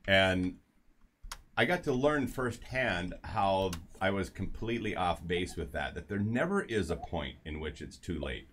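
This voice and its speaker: A man's voice: deep voice, lively intonation, measured pace, fairly bright tone, a little hiss or hum. A man hosting a casual health talk show, telling a story with lots of asides and restarts. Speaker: show host.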